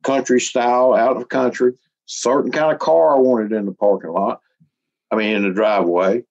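A man's voice: medium pitch, steady tone, normal speed, vocal fry, a little mellow. Middle-aged man, folksy storyteller who chuckles and gets emotional, medium voice, slightly muffled recording. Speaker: interviewee. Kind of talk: casual storytelling.

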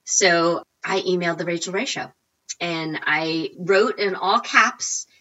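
Woman, 40s, animated interview guest; bright, slightly low voice, dull recording. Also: unhurried. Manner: animated, acts out quotes with big pitch jumps. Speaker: guest, recipe blogger. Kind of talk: casual storytelling interview.

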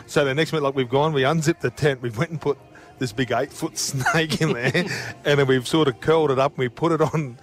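An Australian man, a former rugby league player now co-hosting radio, tells stories in a mid-pitched voice during casual chat. He's brisk and animated, barely pausing as anecdotes tumble out, and he often breaks into laughter.

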